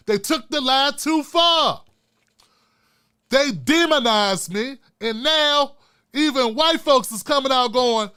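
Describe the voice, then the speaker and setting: A middle-aged man hosting his own online show, ranting with fiery, profane, preacher-like repetition and swinging from hushed asides to shouting. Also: high voice, lively intonation, a little slow, smooth. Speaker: YouTube show host. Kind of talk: impassioned vlog rant.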